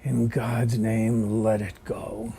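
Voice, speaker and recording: A man reciting stage verse as a defeated king, in a slow, measured theatrical delivery. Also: on the low side, level tone, creaky, warm tone, slight background noise, pitched below the performer's own voice. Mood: resigned.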